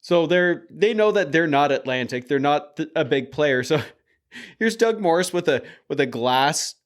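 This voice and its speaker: A man's voice: a little high, lively intonation, measured pace. A man co-hosting a podcast, chatting casually, laughing easily and telling stories. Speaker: podcast co-host. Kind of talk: casual chat.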